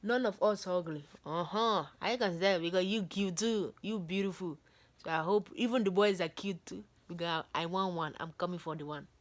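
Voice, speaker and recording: A woman's voice: lowish voice, moderate pace. Woman reading a book aloud. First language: not English. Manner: breaks off reading to comment and joke. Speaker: book reader.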